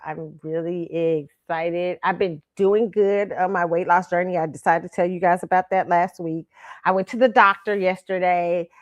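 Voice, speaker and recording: A woman's voice: fairly low pitch, no room sound. A woman hosting her own show in casual chat, talking chattily and laughing often between phrases. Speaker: host.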